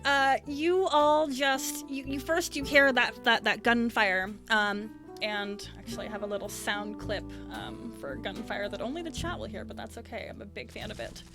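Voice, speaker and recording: A woman game master narrating a tabletop game in a calm, descriptive way. Her voice sits a little high, and soft music plays underneath. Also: moderate pace, few pauses.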